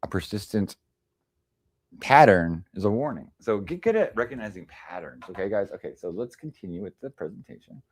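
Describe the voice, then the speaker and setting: Husky, lowish, and very animated, this livestream panel host talks fairly quickly into a desk mic with no echo. His presentation is rambling and sarcastic, full of restarts and asides.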